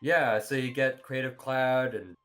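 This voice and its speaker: A young man, a guest on a podcast, chatting casually in a jokey, animated way and laughing often. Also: mid-range voice, unhurried, faint music behind. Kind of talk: casual chat.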